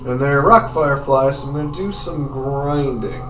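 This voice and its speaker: A man's voice: medium pitch, normal speed, a bit bright, slight background noise. A man casually narrating a video game playthrough, describing the action as he goes. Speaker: let's play narrator. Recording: echoey room, distant mic, faint music.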